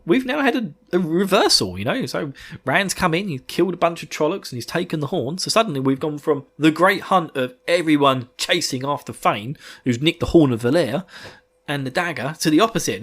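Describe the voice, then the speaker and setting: A man hosting a podcast, chatting excitably about a book, laughing often and swearing casually. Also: fairly high pitch. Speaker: podcast host. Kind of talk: casual book-discussion chat.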